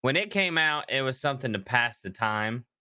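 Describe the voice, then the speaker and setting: A man co-hosting a podcast, chatting casually about video games, animated and quick to laugh. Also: medium pitch, smooth, dry recording, clean studio sound. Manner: animated, laughs often, trails off. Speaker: podcast co-host. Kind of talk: casual gaming chat.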